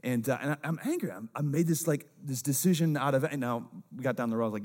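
A fast-talking young-adult pastor preaches informally; his asides come out low and hushed, while key points rise to a loud pitch.

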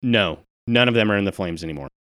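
A man running a tabletop game as game master, narrating the action in a relaxed, descriptive way between casual banter with his players. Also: on the low side, fast talker, no echo, clean studio sound.

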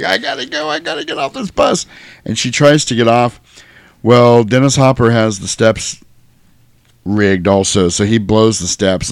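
A man's voice: sits low, no echo. A man chatting casually on a podcast, animatedly retelling a movie scene by scene and laughing often. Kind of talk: casual chat recapping a movie.

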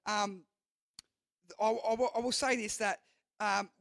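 A man's voice: sits high, steady tone, measured pace, creaky, a bit bright. A young man preaching to a youth group as their pastor, earnest and rambling, often restarting his sentences. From Australia. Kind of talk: youth sermon.

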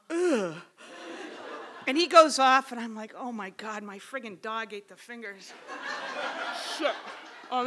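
A woman telling a true story on stage before a live audience. She is animated, swears freely and acts out what people said. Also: high voice.

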